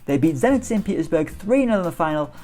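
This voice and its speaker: Man, animated pitch, upbeat football game commentary, soft music underneath. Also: fast. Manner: chatty, upbeat, rhetorical questions. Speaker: gaming YouTuber.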